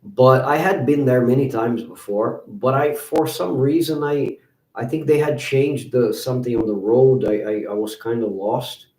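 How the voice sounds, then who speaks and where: A man, hosting and telling stories in a casual, animated way, jumping higher when he quotes people. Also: moderate pace. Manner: animated, acts out quoted voices in higher pitch. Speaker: host. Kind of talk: casual storytelling to viewers. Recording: roomy, from a distance.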